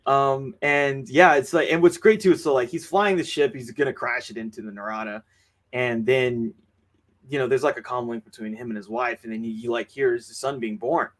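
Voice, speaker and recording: A man's voice: medium pitch, steady tone, normal speed. A man co-hosting a podcast, recapping movie scenes in casual chat with lots of fillers and restarts. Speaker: podcast co-host. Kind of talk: casual film review chat.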